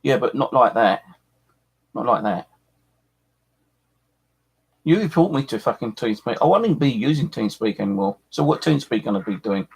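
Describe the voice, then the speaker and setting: Gravelly, husky man ranting angrily. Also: mid-range voice, animated, normal speed, long pauses. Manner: angry, swearing, repeating himself. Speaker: paranormal live streamer. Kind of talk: angry live-stream rant.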